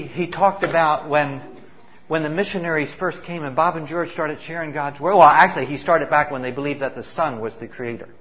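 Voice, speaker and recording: A man, a missionary, telling stories of the people he works with in an animated, emphatic way, acting out the voices of those he quotes. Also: medium pitch. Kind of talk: spoken testimony storytelling.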